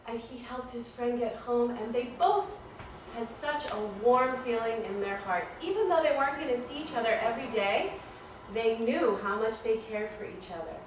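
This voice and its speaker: Woman doing a kids yoga story class, playful and cheering them on, high voice, really echoey room. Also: normal speed. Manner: playful, animated, encouraging. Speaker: kids' yoga teacher. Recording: echoey room, voice far from mic, faint noise.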